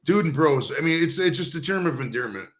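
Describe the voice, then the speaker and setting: A man's voice: a little high, animated, fairly quick. Rambling, cursing man in an echoey room. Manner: rambling, swears a lot, calls everyone dude. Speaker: host. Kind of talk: casual stoned chat. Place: studio.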